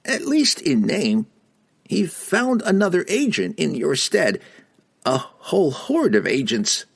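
A small, nervous male halfling speaks in a squeaky, pitched-up voice. He weighs every word before he lets it out, and the voice keeps a slightly husky grain. It wanders up and down in pitch as he talks. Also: wildly swooping pitch, slow pace, exaggerated voice. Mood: wary, careful.

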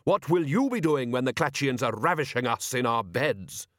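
A man's voice: mid-range voice, animated, normal speed, fairly bright tone, no echo, clean studio sound, natural voice. A man voicing an imperious, stern elderly woman who snaps her words. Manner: imperious, snapping.

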